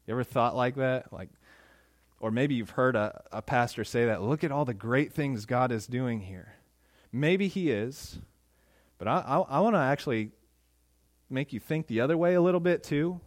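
A man preaching a sermon in a conversational, animated way, acting out quotes. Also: mid-range voice, no echo, clean studio sound. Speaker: pastor.

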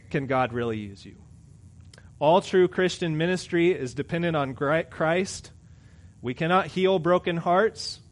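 A middle-aged pastor's conversational sermon rises to loud, emphatic moments and drops to quiet asides. His male voice sits on the higher side.

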